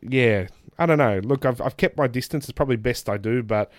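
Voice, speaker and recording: An Australian man in his thirties, a guest on a casual podcast, telling candid, animated stories, swearing and laughing often. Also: medium pitch, brisk, no room sound, studio quality. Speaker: guest, pro wrestler.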